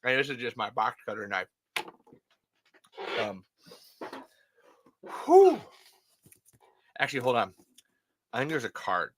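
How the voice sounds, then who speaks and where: A man in his thirties hosting a casual livestream, rambling and self-deprecating, swearing freely and breaking into loud impressions. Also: medium pitch, moderate pace, long pauses, slight background noise. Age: 30s. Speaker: livestream host. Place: hot upstairs room.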